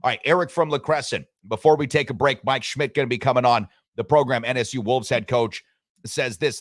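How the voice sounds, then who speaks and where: A man's voice: medium pitch, brisk, no room sound, studio quality. A man hosting a sports radio show in casual, joking chat, rambling and reading listener messages.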